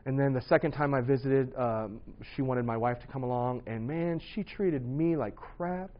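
A man's voice: medium pitch, moderate pace, dull audio. A man in his thirties giving an earnest, conversational personal testimony. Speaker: speaker sharing his testimony.

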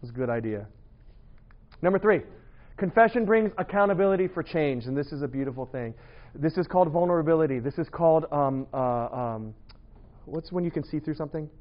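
Male preacher with a high voice, playful and animated, muffled dull sound. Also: fairly quick. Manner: animated storytelling, playful, laughing asides. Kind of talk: humorous sermon.

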